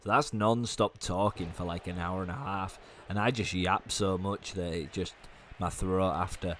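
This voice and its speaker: A young man with a hoarse, fading voice, giving fast, chatty commentary on a wrestling video game. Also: sits low, fairly even intonation, fairly bright tone, a little hiss or hum. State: hoarse, losing his voice. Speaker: gaming YouTuber.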